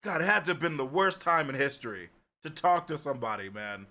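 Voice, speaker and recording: Swearing freely and joking around, a young man streams and talks animatedly with his viewers in a casual way. He has a high-side voice and a brisk delivery.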